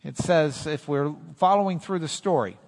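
A man preaching a sermon, animated, quoting scripture in dramatic voices. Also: on the high side, moderate pace. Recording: long hall reverb.

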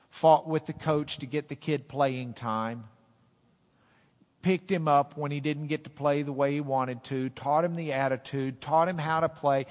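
Preaching man in an echoey hall. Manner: swells loud and high on scripture, drops low to explain. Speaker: pastor. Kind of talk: sermon. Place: church sanctuary.

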